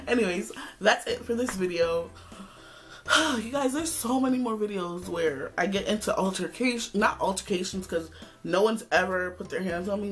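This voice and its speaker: Animated woman vlogger, sassy storytime, medium voice, faint music playing behind. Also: medium pitch, moderate pace. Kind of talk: casual storytime vlog.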